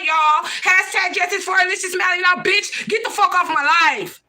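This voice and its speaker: A woman hosts a livestream in a heated, profane rant, confronting people and calling out to her viewers. Her voice sits high and carries a bright, sharp edge. She circles back to the same points again and again. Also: fairly even intonation, brisk, few pauses. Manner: profane, confrontational, repeats herself, addresses viewers as y'all. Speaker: livestream host.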